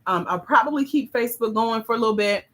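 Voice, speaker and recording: Southern lady on a phone live, bright forceful voice, teasing the chat, super animated. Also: on the high side, fast. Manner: playful, teasing, animated, calls out to the audience. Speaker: livestream host and grant mentor. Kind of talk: hyped livestream chat with viewers.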